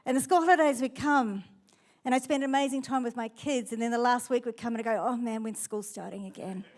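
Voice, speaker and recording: Nz lady pastor, middle-aged, fairly high voice, chatty sermon with personal stories. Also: steady tone, quick pace, darkish tone. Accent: New Zealand. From New Zealand.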